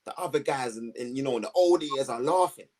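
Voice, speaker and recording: A man, telling his story to two hosts in a lively, slangy way, acting out the voices of people around him. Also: medium pitch, a little fast. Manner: animated, slangy storytelling with acted-out quotes. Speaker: guest. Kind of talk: storytelling in a conversation.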